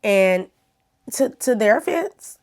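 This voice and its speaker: A woman's voice: medium pitch, big pitch swings, takes it slowly, darkish tone. A woman YouTuber chatting casually to her viewers while telling a personal story. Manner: chatty, talks straight to viewers.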